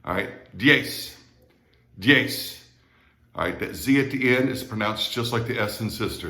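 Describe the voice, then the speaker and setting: A man's voice: fairly low pitch, unhurried, bright, forceful tone. A male Spanish teacher with an American accent, patiently repeating words and checking in with his students. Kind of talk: recorded classroom lesson. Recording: echoey room.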